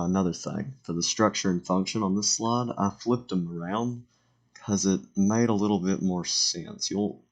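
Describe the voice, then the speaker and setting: A teenage boy giving a casual slideshow voiceover for a school presentation, halting and self-correcting, with joking asides. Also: deep voice, gravelly. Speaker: student presenter.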